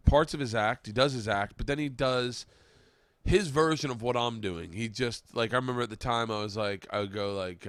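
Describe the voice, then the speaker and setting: A man's voice: medium pitch, a bit bright, dry recording, clean studio sound. A man hosting a podcast, a stand-up comic in casual chat who tells profane stories and acts out the quotes. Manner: fast, profane storytelling with acted-out quotes.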